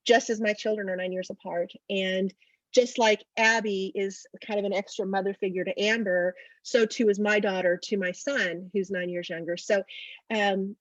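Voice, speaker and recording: A woman's voice: moderate pace, no room sound, dull audio. A middle-aged woman from Oklahoma, an author, telling stories in a casual interview and acting out the dialogue. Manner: animated storyteller, acts out dialogue with big pitch jumps. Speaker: author guest.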